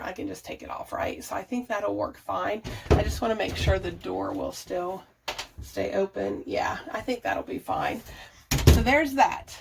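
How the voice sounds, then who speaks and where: A woman's voice: mid-range voice, creaky, slight background noise. A woman vlogging to her viewers while organizing her bathroom, chatty and thinking aloud, laughing often. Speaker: budget and declutter vlogger. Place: home bathroom. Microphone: camera set up nearby, moved around.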